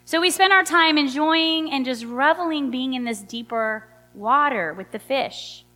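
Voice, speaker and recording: Mom telling a story, lots of "you know"s, bright sharp voice, echoey hall. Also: female voice, sits high, unhurried. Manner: animated, chatty, many fillers. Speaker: mother telling a personal story. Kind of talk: personal storytelling. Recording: long hall reverb.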